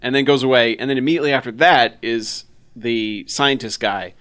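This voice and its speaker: A man's voice: mid-range voice, fairly even intonation, fairly quick, a bit bright. Man telling a movie scene with friends. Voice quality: storytelling, quotes characters in playful voices. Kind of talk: casual movie recap chat.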